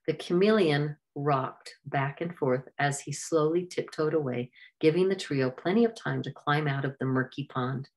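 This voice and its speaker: A woman reads an adventure storybook aloud in a steady, clear voice. Her voice sits low, and she keeps an even storyteller's pace. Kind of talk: storybook narration.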